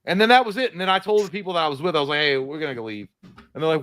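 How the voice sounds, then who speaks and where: A man's voice: on the high side, rapid-fire, slight background noise. Casual swearing man telling stories. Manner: animated, acts out voices in his stories, swears freely. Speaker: podcast co-host. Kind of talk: casual storytelling chat.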